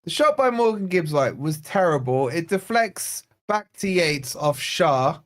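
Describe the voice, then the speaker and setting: A man's voice: on the high side, sing-song, a little slow. Blunt, exasperated man. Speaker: fan channel host. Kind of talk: live football watch-along commentary.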